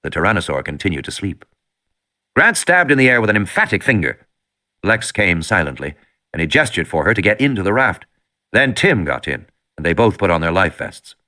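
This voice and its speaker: Lively bright-voiced male audiobook narrator. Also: low voice, normal speed. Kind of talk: scripted narration.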